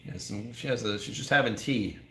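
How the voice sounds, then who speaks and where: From a whiskey bar in the United States, the host of a whiskey channel runs a livestream, joking around, reading comments from viewers and chatting casually. He speaks briskly in a lowish, bright and forceful voice, and there's a bit of hiss or hum.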